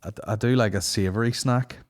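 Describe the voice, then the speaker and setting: Sweary podcast host. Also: male voice, lowish voice, fast. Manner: sweary, animated banter. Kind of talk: casual chat.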